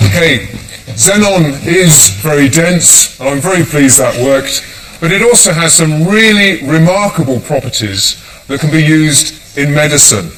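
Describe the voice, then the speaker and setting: A man's voice: fairly high pitch, lively intonation, a little slow, a bit bright, far from the mic. Brief: enthusiastic male lecturer on a hall stage, a little off-mic, faint hum behind. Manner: enthusiastic, addresses audience volunteers. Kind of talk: live science demonstration lecture. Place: lecture theatre with audience.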